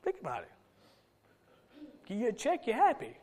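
Middle-aged guy preaching, high-pitched voice, goes loud then quiet, really dynamic delivery. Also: wildly swooping pitch, moderate pace. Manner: dynamic preaching, swinging from loud emphatic calls to soft low asides. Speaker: pastor. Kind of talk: sermon.

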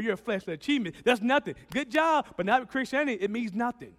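Guy preaching a sermon, high voice, lots of loud/quiet swings, echoey church hall. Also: lively intonation, fast talker, hardly any pauses. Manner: preaching with dramatic swings in loudness, acting out Bible characters.

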